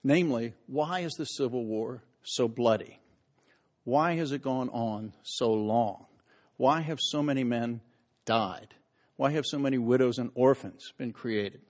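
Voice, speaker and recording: A man's voice: medium pitch, unhurried, darkish tone. A middle-aged man giving a public history lecture, telling stories with wry asides and dramatic emphasis.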